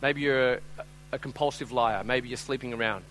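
A man preaching a sermon as pastor, telling a story conversationally with "right?" and "I'm telling you", acting out voices and swinging from loud to hushed. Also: medium pitch, moderate pace, a little hiss or hum, rough recording.

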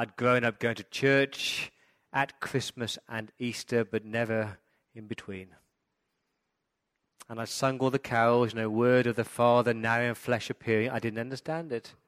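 A man who is a pastor, giving a Christmas sermon, telling stories and building to loud, emphatic preaching. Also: medium pitch.

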